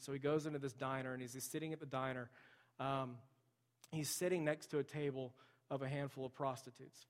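A man preaching a sermon, telling a story in an earnest, conversational way with frequent fillers. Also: medium pitch. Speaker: pastor. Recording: long hall reverb.

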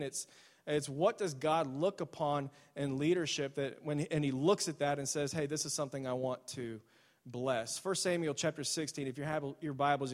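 Male pastor, chatty sermon delivery, slightly high voice, long church reverb. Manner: casual, storytelling, animated with many restarts. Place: church sanctuary.

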